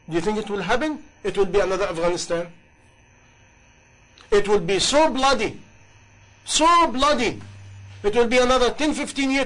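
A man's voice: high-pitched, low-quality recording. A man preaching a sermon in passionate, English, with many rhetorical questions. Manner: impassioned, rhetorical questions, non-native grammar.

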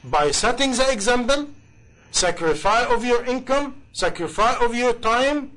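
A man's voice: very high voice, animated, unhurried, a bit bright, rough recording. A man preaching a sermon in passionate, English, with many rhetorical questions. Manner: impassioned, rhetorical questions, non-native grammar.

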